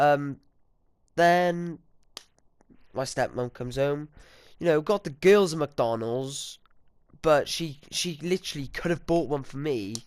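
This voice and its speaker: A man's voice: mid-range voice, clean tone, dry recording. A sixteen-year-old boy telling a rambling, indignant, sweary story to his viewers. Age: teens. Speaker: vlogger. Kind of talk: casual storytime.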